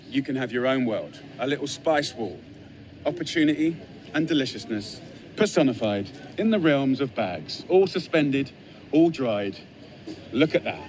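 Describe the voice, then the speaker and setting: An English man speaks straight into his phone with eager, piled-up lists and repeated phrases. His voice sits at a middling pitch, and a faint hum of traffic and shop bustle runs behind him. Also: normal speed. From England. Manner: enthusiastic, piles up emphatic lists and repeats phrases. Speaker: chef. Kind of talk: casual talk to a phone camera. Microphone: phone camera.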